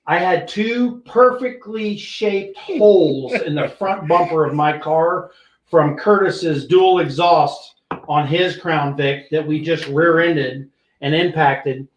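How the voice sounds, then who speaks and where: An older man, a retired police sergeant, hosting a podcast and telling an animated, profane story that acts out what people said. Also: fairly high pitch, slow pace, echoey room, highs cut off, a little hiss or hum. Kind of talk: casual storytelling.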